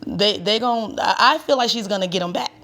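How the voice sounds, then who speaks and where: A woman's voice: medium pitch, a little fast, sharp tone. A woman giving a sassy, chatty recap with emphatic asides, as the host of her own channel. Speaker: tarot reader and reality TV recapper. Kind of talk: casual commentary.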